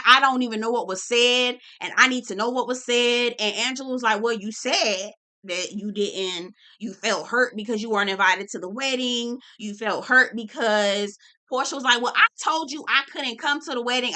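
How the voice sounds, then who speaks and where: A woman hosting a casual reality TV recap, sassy and profane, telling the story with animated asides. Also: on the high side.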